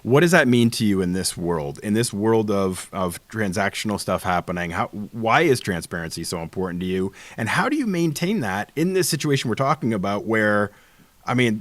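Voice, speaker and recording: A man's voice: fairly low pitch, dry recording. A man hosting an interview, asking long, rambling, enthusiastic questions. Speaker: interview host. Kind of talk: casual interview conversation.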